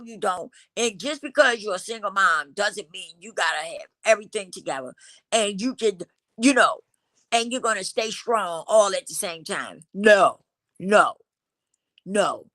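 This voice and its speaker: A woman's voice: medium pitch, sharp tone, no room sound. A woman hosting a livestream, talking emphatically to her viewers in casual vernacular, a little stuffy from a cold. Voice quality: slightly congested from a cold. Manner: emphatic, preachy, addresses the audience as y'all; African American Vernacular English speech. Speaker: livestream host. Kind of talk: casual motivational talk to viewers.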